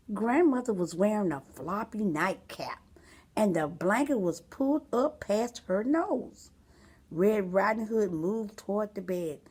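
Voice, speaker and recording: A woman reading a storybook aloud for children, expressive and asking the listener questions. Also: lowish voice, breathy edge.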